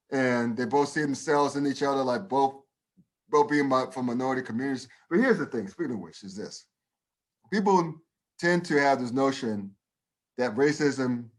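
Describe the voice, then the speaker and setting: A man co-hosting a casual podcast, talking bluntly and emphatically, swearing freely and restarting his sentences. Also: medium pitch. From United States. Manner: profane, emphatic, with many restarts. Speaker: podcast co-host. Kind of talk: casual opinion chat.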